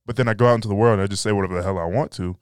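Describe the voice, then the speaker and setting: A young man hosts a podcast, chatting casually and joking in a laid-back way. His voice is fairly low, clear and resonant, and he talks rapid-fire, with clean studio sound and no room echo.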